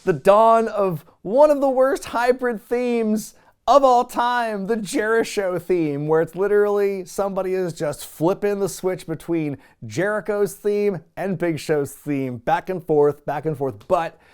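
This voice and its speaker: A man's voice: high-pitched, measured pace, darkish tone, clean tone. A man hosting a casual wrestling review show, recapping matches with wry, chuckling asides. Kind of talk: casual commentary.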